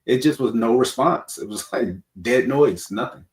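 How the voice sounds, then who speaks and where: A man's voice: mid-range voice, normal speed. Chatty male host in an echoey room. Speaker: podcast host. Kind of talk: casual podcast conversation. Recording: roomy, echoey room sound.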